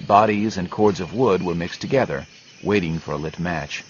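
Deep guy reading an audiobook, steady grim tone, muffled with faint hiss. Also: moderate pace. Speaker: audiobook narrator. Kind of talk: scripted narration.

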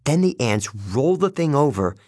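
A man narrating a first-person story in a measured, steady way, recorded close to the mic. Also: medium pitch, no room sound. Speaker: audiobook narrator.

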